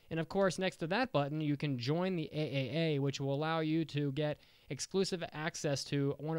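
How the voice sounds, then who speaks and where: A man hosting a casual podcast in a dry, close-miked sound. His voice is smooth and resonant, a bit higher than most men's. He talks in an upbeat, joking way and often restarts his sentences. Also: no room sound. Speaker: podcast host.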